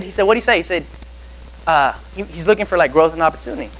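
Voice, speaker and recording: A young man preaching and telling a lively personal story, acting out the people in it. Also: on the high side, fast talker, a little hiss or hum, rough recording.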